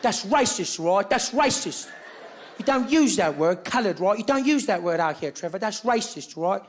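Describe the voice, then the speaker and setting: Give me a boisterous, insistent fellow who keeps repeating himself and chuckling mid-sentence, his voice ringing high and swinging wildly up and down, as a male comedian puts him on. He corrects people with gleeful, know-it-all certainty in a stand-up bit. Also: expressive, normal speed, a little hiss or hum. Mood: lecturing. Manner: loud, insistent, repeats himself, laughs while talking. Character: overeager chatty man lecturing a newcomer.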